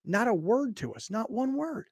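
A man's voice: normal speed, no echo, clean studio sound. A man hosting a sports talk show, chatting casually, reading a sponsor spot and telling a story with rising indignation. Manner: animated storyteller, gets louder and higher when indignant. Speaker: sports talk radio host. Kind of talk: casual sports chat and live ad read.

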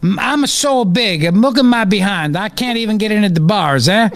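A man's voice: lively intonation, moderate pace. A man putting on a comic Italian accent as a huge, complaining male prisoner. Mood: whiny. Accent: put-on Italian. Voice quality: exaggerated Italian accent, higher pitch. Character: obese Italian male prisoner, whiny, big.

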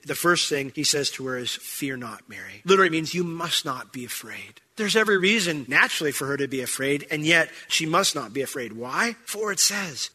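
A male pastor preaching a sermon in a very bright, ringing voice pitched a little high. He is animated, rising to loud emphasis and dropping to soft asides, and puts questions straight to his listeners. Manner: asks the congregation questions directly.

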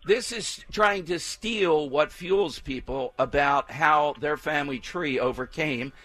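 A man's voice: a little high, slow, fairly bright tone. A male talk radio host, brash and opinionated, chatting with his crew and callers.

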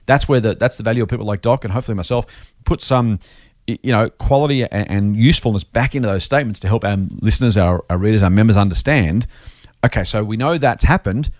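A man's voice: fairly low pitch, fast talker, darkish tone, no room sound, studio quality. A man hosting an investing podcast, joking as he reads listener mail aloud. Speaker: podcast host. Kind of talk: casual podcast chat.

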